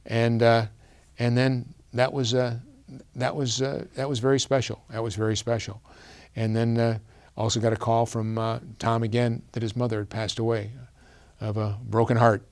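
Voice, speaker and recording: Earnest halting male speaker telling a story. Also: mid-range voice, level tone, darkish tone. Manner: earnest, halting, with many fillers and restarts. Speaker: guest speaker. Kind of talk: storytelling presentation.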